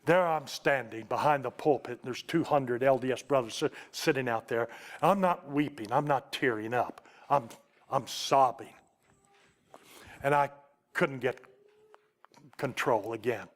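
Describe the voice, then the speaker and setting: A man preaching a storytelling sermon, giving an emotional testimony that slows to a hush at its tender points. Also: medium pitch. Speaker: Baptist preacher.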